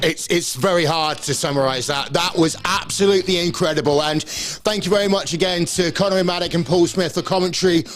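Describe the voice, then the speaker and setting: High-voiced esports broadcast presenter man. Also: fairly quick, fairly bright tone, soft background music.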